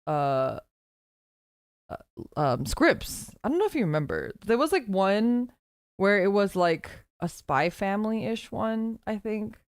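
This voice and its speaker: A woman's voice: mid-range voice, big pitch swings, takes it slowly, smooth, no echo, studio quality. A woman streamer in casual chat, laughing as she reads out her old skit scripts.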